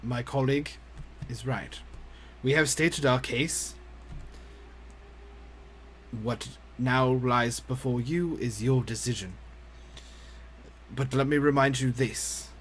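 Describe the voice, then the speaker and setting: A man playing a stern older professor in a tabletop game, speaking gravely. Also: medium pitch, a little hiss or hum, lightly acted. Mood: solemn. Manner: grave, slow warning delivery. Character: stern old male professor, solemn and measured. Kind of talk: tabletop role-play.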